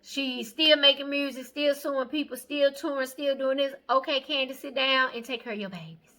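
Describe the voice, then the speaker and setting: A woman's voice: high-pitched, steady tone, moderate pace, bright, forceful tone. A woman casually recapping a reality show episode, chatty and opinionated with plenty of sass. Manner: sassy, chatty, opinionated, mimics people she talks about.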